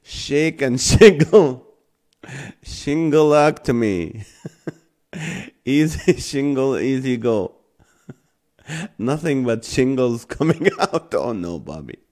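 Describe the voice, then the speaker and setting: Slow-talking man laughing through puns. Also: mid-range voice, very animated, a little mellow. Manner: laughing helplessly between punny lines. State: laughing to tears. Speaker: host. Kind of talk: live-stream chat reading comments.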